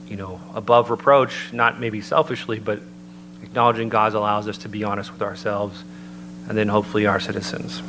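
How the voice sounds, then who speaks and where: A man giving an earnest, measured sermon-style talk and citing scripture as he builds his points. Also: on the low side. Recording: noticeable background hum.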